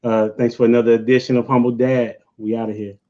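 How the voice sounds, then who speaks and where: A man's voice: medium pitch, little pitch movement, quick pace, a little mellow, dull audio. A man hosting a casual interview over a video call, talking in a laid-back, slangy, encouraging way. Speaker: podcast host.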